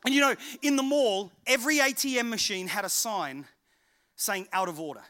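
Animated, high-voiced man preaching. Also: normal speed. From England. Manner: animated, acts out voices of people in his stories. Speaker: pastor. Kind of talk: sermon with storytelling.

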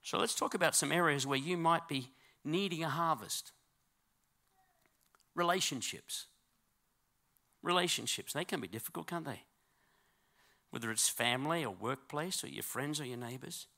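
Male preacher in a church, bright and a touch high, swings from fiery, drawn-out preaching to intimate hush. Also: creaky. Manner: swings between loud, drawn-out exhortation and quiet, close talk; calls on the congregation to respond. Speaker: pastor. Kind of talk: sermon.

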